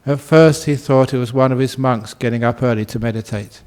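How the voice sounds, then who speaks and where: Humorous Buddhist monk giving a talk. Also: male voice, medium pitch, a little fast, smooth. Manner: relaxed, humorous, often laughing. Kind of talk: dharma talk with storytelling.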